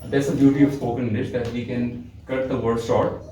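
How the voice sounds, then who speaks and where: A man's voice: mid-range voice, level tone, a little fast, dark tone. Male classroom teacher, demonstrative delivery, distant echoey recording with faint background hum. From Pakistan. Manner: demonstrative, acts out example tones, asks class questions. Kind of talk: classroom lecture.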